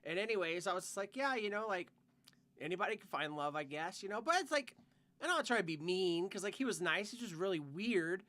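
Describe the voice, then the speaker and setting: A man's voice: high-pitched, lively intonation, a little fast, pushed and bright. A young man co-hosting a podcast, telling a rambling work story full of "like" and swearing in casual chat. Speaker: podcast co-host.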